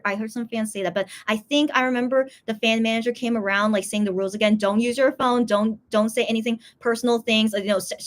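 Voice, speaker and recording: A woman vlogger telling a story in casual chat, rambling with lots of fillers and squealing high when she quotes others. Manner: rambling, heavy use of "like" and "okay?", acts out others in high squeals.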